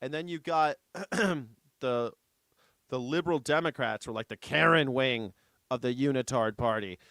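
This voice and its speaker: A man's voice: medium pitch, normal speed, fairly bright tone, dry recording. A man hosting a news reaction show, commenting casually in an irreverent, sarcastic way with some swearing. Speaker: host.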